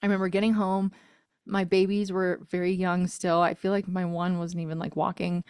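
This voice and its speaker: A woman's voice: lowish voice, level tone, a little fast, darkish tone, clear, resonant tone, no room sound, clean studio sound. Earnest woman telling a personal story. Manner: earnest and emotional, laughs often, many fillers. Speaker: guest singer-songwriter. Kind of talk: casual interview storytelling.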